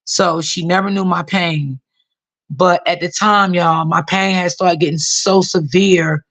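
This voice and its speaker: A woman's voice: fairly low pitch, steady tone, unhurried, a bit bright. Woman telling her story, lots of fillers. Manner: repeats herself, many fillers, addresses viewers as "y'all". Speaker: author talking to viewers. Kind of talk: casual personal storytelling.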